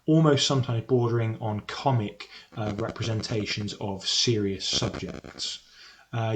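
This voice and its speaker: A man teaching English literature in a recorded lesson, explaining a poem with frequent ums and uhs and some self-correction. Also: medium pitch. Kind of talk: recorded lesson on poetry analysis.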